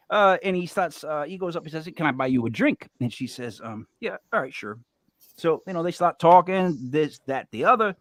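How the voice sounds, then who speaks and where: A man's voice: fairly high pitch, no echo. A man hosting a casual show, telling a long joke with lots of fillers and restarts. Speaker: show host. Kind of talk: joking casual chat.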